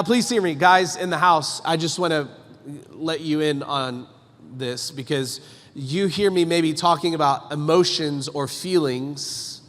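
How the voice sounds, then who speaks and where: A male pastor giving an emphatic, conversational sermon, asking the congregation direct questions. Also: a little high. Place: church sanctuary. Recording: long church hall reverb.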